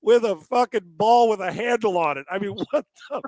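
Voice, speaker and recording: A man co-hosting a sports talk podcast, ranting with lots of swearing, laughing often and breaking into shouts. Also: high-pitched, moderate pace, dry recording. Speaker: podcast co-host.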